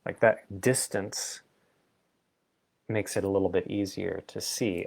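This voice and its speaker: A man's voice: low voice, fairly even intonation, takes it slowly, creaky, long pauses, darkish tone. A man hosting a reflective solo talk, thinking aloud in an exploratory, playful way. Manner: thoughtful, exploratory, playful asides. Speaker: vlog host.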